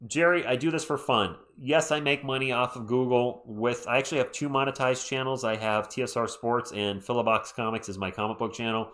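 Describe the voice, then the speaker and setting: A man's voice: mid-range voice, steady tone, brisk, hardly any pauses, fairly bright tone. A tired man streaming live play-by-play, laid-back and chatty, talking to his viewers between plays. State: sleepy. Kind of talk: casual live sports commentary with chat shout-outs.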